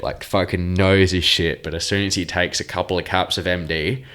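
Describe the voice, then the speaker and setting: A man's voice: low-pitched, steady tone, normal speed, fairly bright tone. A young man, a podcast guest rambling through a profane, laughing party story in casual chat. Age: young adult.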